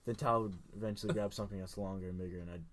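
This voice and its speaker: A man's voice: fairly low pitch, fairly even intonation, rapid-fire, crowd noise. A man, a guest on a podcast, telling stories in casual chat with rambling restarts.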